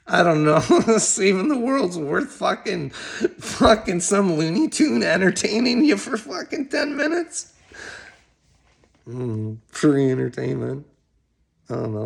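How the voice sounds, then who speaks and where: A man's voice: fairly high pitch, creaky. A middle-aged man rambling straight to camera, swearing heavily and breaking into laughs between phrases. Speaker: video blogger addressing another creator. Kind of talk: rambling direct-to-camera monologue.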